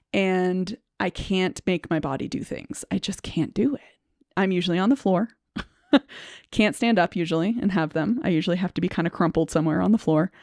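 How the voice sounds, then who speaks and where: A woman speaking as a speech-language pathologist, explaining a personal experience to camera in a reflective, halting way, with frequent fillers, restarts and soft nervous laughter. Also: lowish voice, no echo, studio quality.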